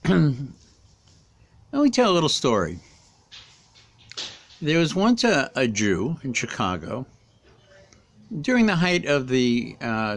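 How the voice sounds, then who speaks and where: A middle-aged rabbi giving a conversational weekly Torah talk, pausing often and restarting his sentences. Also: medium pitch. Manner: conversational, frequent hesitations and restarts. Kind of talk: casual spoken Torah commentary.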